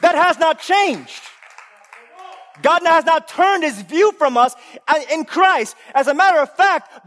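A woman preaches a fiery sermon, hammering questions at her congregation and answering them herself. She swings from shouted declarations to hushed, intimate asides. Her voice rings out with a long reverb tail, as if filling a church sanctuary. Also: high voice. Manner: call-and-response questions.

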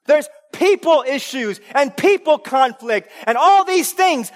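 A woman preaching an impassioned sermon, trading shouted refrains with hushed asides and firing rapid questions at the congregation. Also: high voice, expressive. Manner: call-and-response questions. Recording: long hall reverb.

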